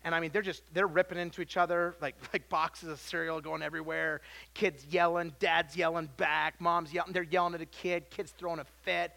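A man preaching a sermon, swinging from loud emphasis to quiet, low lines and often restarting his words. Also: steady tone, fairly quick, vocal fry. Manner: self-interrupting with repeated words. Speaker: pastor.

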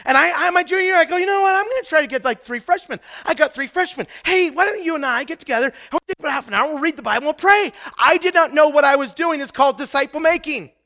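A middle-aged man from Idaho preaching a sermon, telling personal stories and building to loud, emphatic bursts. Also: extremely high pitch, fast, few pauses. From Idaho, USA. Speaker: pastor.

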